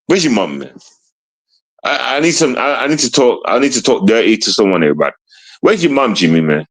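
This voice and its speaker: A man's voice: mid-range voice, big pitch swings, fairly quick, poor audio. A man hosting a live stream show, taunting and mocking someone with a stream of rhetorical questions and repeated call-outs to his audience. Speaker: show host.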